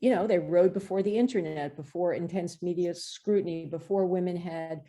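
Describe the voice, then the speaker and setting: This fairly low-pitched woman talks at a moderate pace as a podcast guest in a casual interview chat. She's a film director in her fifties and an animated storyteller who uses many fillers.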